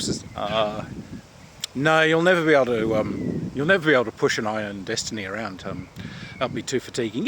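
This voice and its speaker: A man's voice: medium pitch, animated, fairly quick, background noise. A man hosting a casual chat about tabletop games, telling anecdotes and acting out his players' lines. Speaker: tabletop game host.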